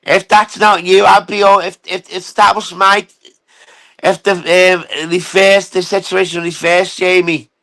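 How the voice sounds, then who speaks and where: A man with a fairly high, bright voice rants unscripted on a live stream, calling out and mocking someone who is not there. His comes through as he swears, repeats himself and takes his time. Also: level tone, measured pace, poor audio. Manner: taunting, profane and rambling. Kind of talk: ranting casual live stream.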